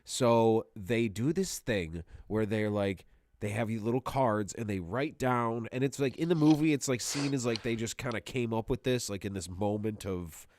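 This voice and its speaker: A man's voice: on the low side, moderate pace, darkish tone. A man co-hosting a casual podcast chat, telling rambling, profane stories and laughing often. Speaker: podcast co-host.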